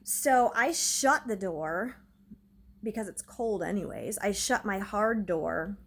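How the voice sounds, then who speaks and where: Speaking to camera from her own home, a woman vlogs a casual story in an agitated, rambling way, dropping "like" constantly. Her mid-range voice is slow and gravelly, with a breathy edge.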